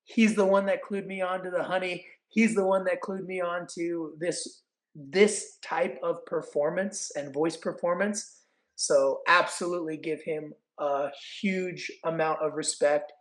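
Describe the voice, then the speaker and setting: A man in his forties from California, a guest telling stories in casual chat, acting out quotes with animated energy. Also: high voice, a little slow, rough recording. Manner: animated, acts out quotes and announcer calls. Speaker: podcast guest, actor and event announcer. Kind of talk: casual storytelling.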